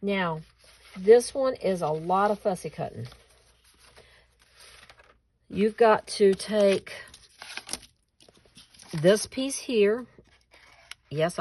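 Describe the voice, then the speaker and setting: A woman's voice: fairly low pitch, slow, long pauses, a little mellow, a little hiss or hum. Chatty woman crafting at her desk. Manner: chatty, laughs at herself, talks to viewers while working. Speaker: craft tutorial host. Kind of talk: casual crafting tutorial.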